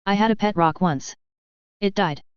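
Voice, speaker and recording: A woman's voice: mid-range voice, normal speed, smooth, no echo, highs cut off, close to an everyday voice. A woman voicing a clever, proud eleven-year-old boy who argues and flares into fury. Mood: earnest. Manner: argumentative, lecturing, rising to shouting fury.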